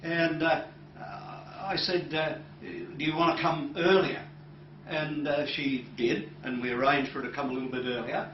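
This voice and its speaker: Male hypnotherapist lecturer, slightly high voice, unhurried anecdote with many pauses, captured distant and roomy. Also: steady tone, highs cut off, a little hiss or hum. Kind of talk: recounting a client case to an audience.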